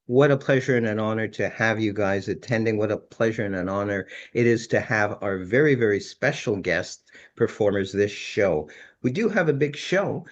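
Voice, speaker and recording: A man's voice: on the low side, muffled recording. An older man hosting a live-streamed magic show, announcing acts in a showbiz style. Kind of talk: showman's host patter.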